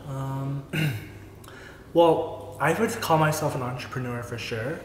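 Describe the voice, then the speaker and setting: A chatty young man hosts a relaxed vlog, leaning on "like" and "you know" as he talks. His voice sits in a roomy space with a long reverb tail and a faint hiss of background noise. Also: mid-range voice, slow pace. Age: young adult. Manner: chatty, filler-heavy with lots of "like". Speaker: host, influencer. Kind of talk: casual chat, mukbang vlog.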